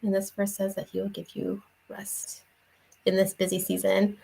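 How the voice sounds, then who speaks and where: A woman's voice: mid-range voice, monotone, moderate pace, creaky, dark tone, husky, low-quality recording. A young woman giving a casual devotional talk in an earnest, conversational way, with many fillers and restarts. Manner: earnest, shares personal story. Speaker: faith vlogger and parent.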